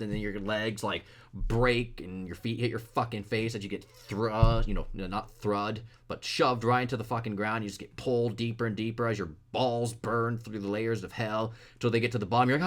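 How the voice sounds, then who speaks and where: A man's voice: medium pitch, normal speed. A young man ranting blunt, profane advice to other artists in a casual vlog.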